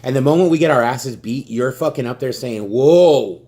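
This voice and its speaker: A man's voice: mid-range voice, brisk, darkish tone. A young man ranting furiously about his team, swearing constantly and stammering as he repeats himself. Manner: stammers and repeats words when worked up. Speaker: sports fan vlogger. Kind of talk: angry fan rant.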